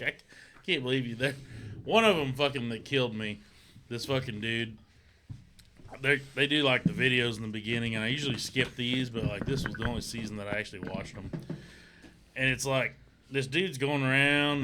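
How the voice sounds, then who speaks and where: Animated profane man telling a story. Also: medium pitch, moderate pace, a little hiss or hum. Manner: animated storyteller acting out quoted voices. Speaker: podcast host. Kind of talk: casual profane storytelling chat.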